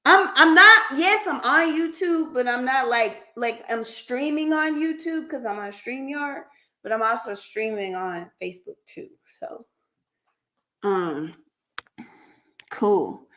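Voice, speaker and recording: Woman, livestream host for a counseling practice, bright voice, slow easy pace, chatty, laughs a lot. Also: high-pitched, lively intonation. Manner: chatty, laughs often, talks to viewers by name. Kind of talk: casual livestream chat with viewers.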